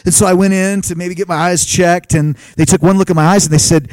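A man in his thirties, a pastor preaching a lively sermon full of stories and quoted dialogue. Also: high voice, fast, few pauses, no room sound. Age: 30s. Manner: animated storytelling with laughs and acted quotes. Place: live talk at a family camp.

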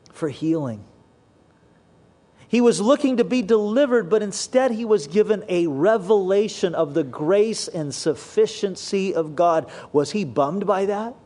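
A man with a fairly high voice delivers a sermon. He speaks earnestly and slows down, dropping quieter and lower whenever he quotes scripture. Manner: earnest preaching, slows and drops low when quoting scripture. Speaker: pastor.

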